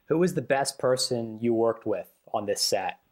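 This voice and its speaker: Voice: mid-range voice, lively intonation, moderate pace, darkish tone. An interviewer introducing a guest and asking brief, straightforward questions. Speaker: interviewer, TV host.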